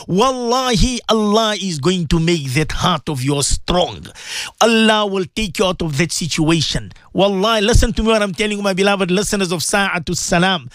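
A middle-aged man hosting a radio advice talk, preaching with lots of repetition and swinging between loud urging and soft pleading. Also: high voice, animated, brisk, dry recording. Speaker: radio host and Islamic counselor.

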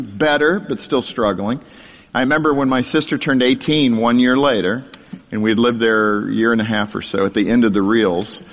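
A middle-aged man speaks to a live audience, telling his own story with self-deprecating humor. His voice sits at an ordinary male pitch, and he chuckles easily as he narrates. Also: fairly bright tone, long reverb tail.

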